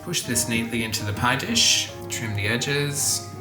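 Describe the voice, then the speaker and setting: Talking as he cooks, this man hosts a cooking vlog, keeping things chatty and making jokes at his own expense. He has a mid-range, expressive voice and a measured pace. Background music plays in the echoey kitchen where he's recorded.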